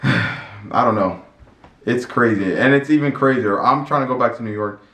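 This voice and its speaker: A man vlogging in a casual, storytelling way, excitable and rambling, with many restarts and repeated words. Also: medium pitch, moderate pace. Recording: echoey room with faint music.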